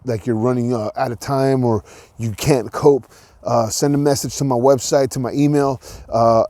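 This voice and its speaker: A man's voice: medium pitch, warm tone, no echo. A man hosting his own podcast, talking alone in a casual, rambling way with many restarts, earnest and encouraging. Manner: rambling, with frequent restarts and filler words. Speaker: podcast host. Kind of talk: casual solo monologue.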